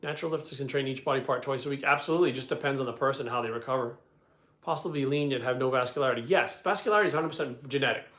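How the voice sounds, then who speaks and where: Blunt, profane man, coach type; rapid delivery, roomy echo. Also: medium pitch, fairly bright tone. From Providence, Rhode Island. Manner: blunt, heavy swearing, rambling asides. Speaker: bodybuilding coach answering questions. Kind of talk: casual storytelling and Q&A. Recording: echoey room.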